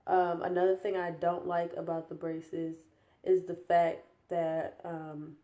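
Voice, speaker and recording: A young female vlogger with a mid-range, darkish voice gives a casual, rambling update, sounding tired and yawning. New braces give her a slight lisp, and she chats on with lots of fillers and restarts.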